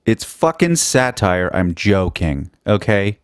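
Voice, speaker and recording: A man's voice: lowish voice, animated, moderate pace, darkish tone, no echo, studio quality. A man hosting his own podcast, talking in a rambling, profane, self-mocking comedic monologue. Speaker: podcast host.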